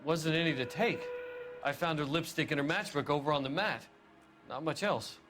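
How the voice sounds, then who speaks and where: A man voicing an evasive young male witness in a detective video game, giving flat, offhand answers. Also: on the high side, moderate pace, natural voice. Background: game music.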